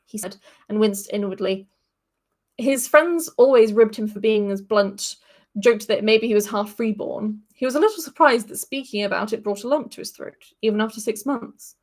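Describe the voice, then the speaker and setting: A woman's voice: mid-range voice, normal speed, darkish tone. A woman hosting a podcast, reading a fantasy story aloud and breaking off now and then for casual asides.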